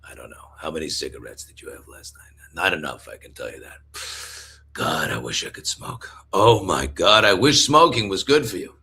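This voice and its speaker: A man putting on the voice of a deep, throaty New York smoker with an outer-borough accent, drawling and laid-back as a fill-in host. Rich: A man doing a deep, husky New York smoker with a thick outer-borough accent, drawling each word in a low, breathy register. The tone stays bright and forward. He schmoozes and takes his time. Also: lively intonation, normal speed, full character voice. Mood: schmoozing.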